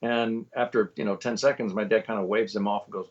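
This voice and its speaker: A man in his fifties, a voiceover actor, telling lively stories in an interview and acting out the quotes. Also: fairly low pitch, fairly quick, muffled recording. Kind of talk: anecdotal storytelling in an interview.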